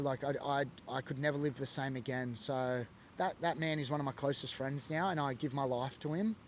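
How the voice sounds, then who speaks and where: Aussie guy from sydney, kinda high voice, halting and earnest, telling his own story. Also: slight background noise. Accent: Australian. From Sydney, Australia. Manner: earnest, halting, restarts often. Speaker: former biker club member, guest. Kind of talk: candid personal storytelling.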